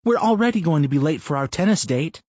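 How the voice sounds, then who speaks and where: A man voicing a playful adult wife who teases her husband in a raised, lively voice, in a slightly muffled recording. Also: a little high, fast, no echo, voice pushed up. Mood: teasing. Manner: teasing, lively.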